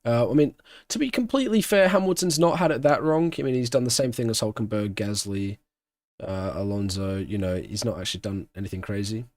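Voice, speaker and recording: A man with a lowish voice talks a little fast, with no room sound, while streaming a live race watch-along. He's chatty, offering casual commentary and answering questions from his chat, and breaks into excited shouting at the big moments.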